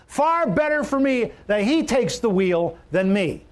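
A man preaching a sermon, emphatic, repeating key phrases and swinging his pitch for stress. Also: very animated, unhurried. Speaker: pastor.

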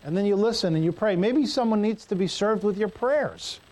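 A man's voice: sits high, moderate pace, darkish tone, poor audio. A male pastor preaching a sermon in a church, conversational and joking with the congregation.

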